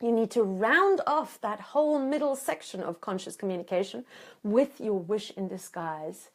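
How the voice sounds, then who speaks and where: Animated woman relationship coach. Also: medium pitch, moderate pace. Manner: animated, acts out quoted voices. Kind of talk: teaching talk.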